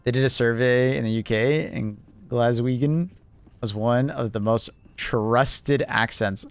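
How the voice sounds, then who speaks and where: A young man live-streaming and chatting casually with viewers, rambling with lots of fillers and quick laughs. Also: mid-range voice, fairly even intonation, clear, resonant tone, dry recording.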